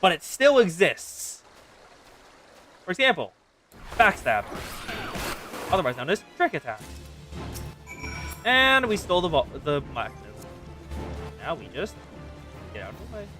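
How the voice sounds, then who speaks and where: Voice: mid-range voice, wildly swooping pitch, unhurried, long pauses, music in the background. A game streamer chatting casually and talking to themself while playing. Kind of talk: casual live gameplay chatter.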